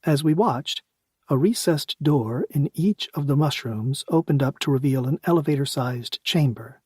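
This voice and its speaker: Husky male audiobook narrator. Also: fairly high pitch, animated, normal speed, a little mellow, no room sound, clean studio sound. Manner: wry, conversational. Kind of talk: first-person audiobook narration.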